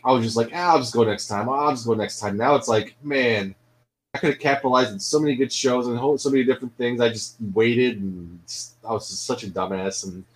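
A man's voice: mid-range voice, low-quality recording. A man co-hosting a podcast, talking in a laid-back way full of fillers and swearing. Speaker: podcast co-host. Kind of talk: casual chat.

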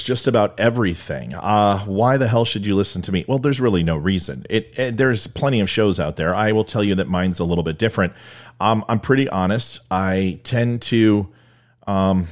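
A man hosting a political commentary talk show, blunt, opinionated and informal. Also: lowish voice. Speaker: podcast host.

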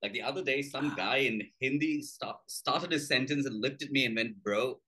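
A man's voice: medium pitch, normal speed, bright, forceful tone, slightly rough. A man from India with an Indian English accent, a guest comedian in a casual chat who laughs often while telling stories.

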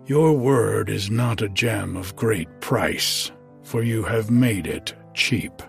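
A man's voice: on the low side, slow, gravelly, soft background music. A man voicing the stern old father of the gods, scolding in a storybook reading.

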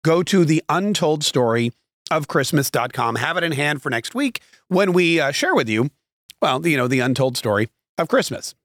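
A man's voice: fairly high pitch, big pitch swings, normal speed, a bit bright, no echo, clean studio sound. A man hosting his own podcast, telling opinionated stories in a loose, rambling way full of asides and fillers. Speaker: podcast and radio host. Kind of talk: solo talk-show monologue.

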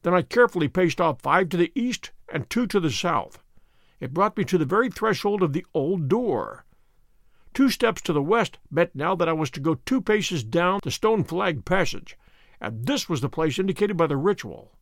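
A precise middle-aged detective narrating a radio play, gravelly, very expressive pitch. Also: male voice, no room sound, clean studio sound. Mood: measured. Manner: precise, measured storytelling. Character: Holmes, sharp methodical male detective narrating.

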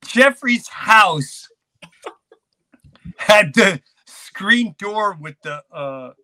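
A man's voice: high-pitched, expressive, very slow, pushed and bright, dry recording. A middle-aged man, a podcast host and comedian, telling a childhood story with lots of energy and acted-out sound effects. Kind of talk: animated storytelling chat.

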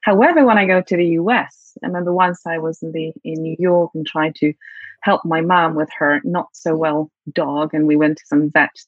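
A woman's voice: low voice, steady tone, normal speed, dry recording, narrow, tinny audio. A woman from Poland with a British accent touched by her Polish mother tongue, a guest speaking reflectively with many fillers. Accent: Polish-tinged British English. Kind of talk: interview conversation.

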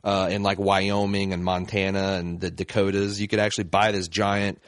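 Low-voiced man in casual podcast chat. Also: flat delivery, normal speed, no room sound, clean studio sound. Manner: rambling, frequent fillers and laughs. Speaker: podcast co-host.

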